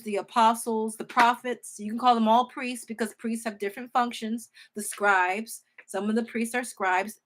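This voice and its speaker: A woman teaching scripture informally, reading verses slowly, thinking aloud, correcting herself and speaking with emotional emphasis. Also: fairly high pitch, fairly bright tone. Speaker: Bible teacher.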